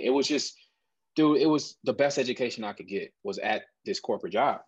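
A man, a guest in an interview, earnestly telling a personal story in an animated conversational way. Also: medium pitch, a little fast, breathy edge, dry recording, highs cut off.

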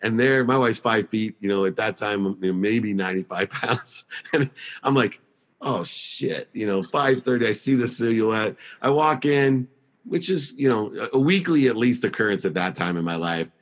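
A middle-aged man telling his life story as an interview guest, emphatic and animated. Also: fairly low pitch, moderate pace. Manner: emphatic, acts out past dialogue in a raised voice.

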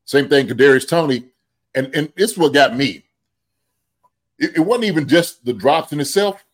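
A man co-hosting a football podcast, talking casually and acting out other people's words with sudden excitement. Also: fairly high pitch, normal speed. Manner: animated, acts out quotes in raised voice. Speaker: podcast co-host, football analyst. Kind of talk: casual sports chat.

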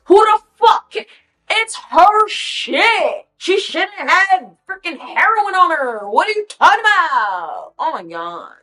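A young woman in her twenties telling a storytime rant in a blunt, profane, animated way, acting out quoted voices. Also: mid-range voice. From Haitian. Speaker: vlogger.

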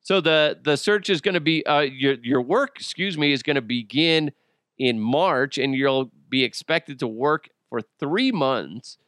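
Alone at the mic, a podcast host riffs through a loose comedy monologue full of crude humor and goofy put-on voices. He speaks at medium pitch, unhurried, with lively intonation and a fairly bright tone, and the dry recording is studio quality.

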